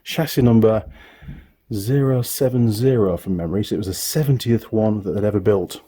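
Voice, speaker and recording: A man's voice: lowish voice, normal speed, warm tone, breathy edge. A middle-aged man from the UK, chatting casually as he shows his tools in his home workshop, rambling and correcting himself. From United Kingdom. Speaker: workshop YouTuber, mechanic. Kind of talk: casual tool tour talk.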